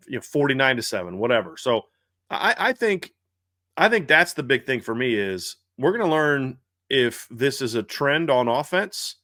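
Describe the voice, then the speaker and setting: A man co-hosting a casual sports podcast talks through the game with plenty of fillers and quick restarts. His voice sits in a middle pitch, and the recording is dry and close with no room sound. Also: pushed and bright, dry recording. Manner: conversational, many fillers and restarts. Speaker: podcast co-host.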